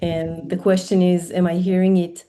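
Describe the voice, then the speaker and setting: A woman on a video call asking a question, halting and restarting her sentences. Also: on the low side, little pitch movement, warm tone, low-quality recording. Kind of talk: casual discussion on a video call.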